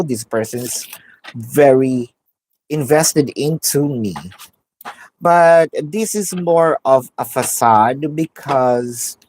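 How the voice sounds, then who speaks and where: A woman's voice: a bass voice, darkish tone, slight background noise, low-quality recording. A woman doing a live tarot reading, musing aloud, naming the cards as she draws them and repeating phrases. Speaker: tarot card reader.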